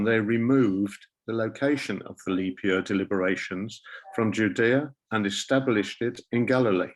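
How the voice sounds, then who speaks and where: A man reading a translated text aloud in an even, measured way. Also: lowish voice, low-quality recording.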